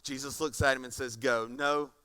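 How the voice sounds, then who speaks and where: High bright-voiced preacher. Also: male voice, moderate pace. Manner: animated, repeats words when excited. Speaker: pastor. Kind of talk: sermon.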